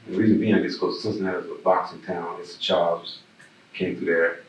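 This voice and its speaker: Deep-voiced Southern man telling stories. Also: level tone, a little fast. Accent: Southern American. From Birmingham, Alabama. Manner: rambling, repeats words, laughs while telling stories. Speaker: oral history interviewee. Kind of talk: casual storytelling. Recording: echoey room, distant mic, faint hiss.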